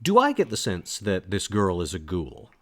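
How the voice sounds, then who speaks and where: A man's voice: low-pitched, wildly swooping pitch, normal speed. A man playing a tabletop role-playing game, asking the game master questions and describing what his character does. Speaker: player.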